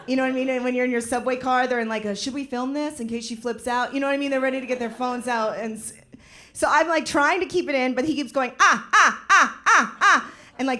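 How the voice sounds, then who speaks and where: A woman comedian telling stories on stage, acting out characters with sudden high yells. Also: quick pace. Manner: animated storytelling, acting out voices with loud high yelps. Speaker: stand-up comedian. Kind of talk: stand-up comedy set. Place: live comedy venue.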